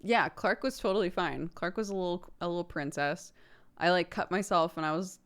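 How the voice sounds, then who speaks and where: A woman's voice: fairly low pitch, fairly quick. A woman streamer and mother chatting casually with her viewers, rambling with many fillers and frequent laughs. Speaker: streamer host; mother of a toddler.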